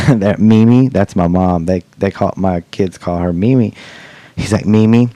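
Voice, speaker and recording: Podcast host, middle-aged man, rambling and cussing, lowish voice, dead-dry room. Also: unhurried, mellow, no room sound. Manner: rambling, joking, swears freely. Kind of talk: casual chat.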